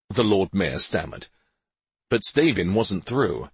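A man reading a story aloud as narrator, in an unhurried, expressive way. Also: sits low, husky, dry recording. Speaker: audiobook narrator. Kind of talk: scripted narration.

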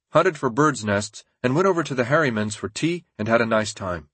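A man reading a nonfiction audiobook in a steady, measured narration. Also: lowish voice, slightly rough, no room sound.

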